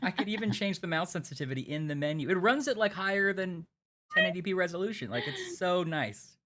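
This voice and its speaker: A man's voice: high-pitched, lively intonation, a little fast, a bit bright. Chatty man streaming a game. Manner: chatty, rambling with restarts. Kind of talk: casual gameplay banter.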